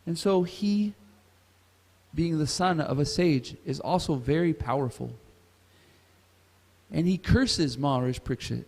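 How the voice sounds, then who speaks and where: Male class speaker, somewhat high voice, storytelling scripture class, long hall reverb. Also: a little slow, pauses often, a little mellow. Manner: asks the audience questions. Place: temple hall.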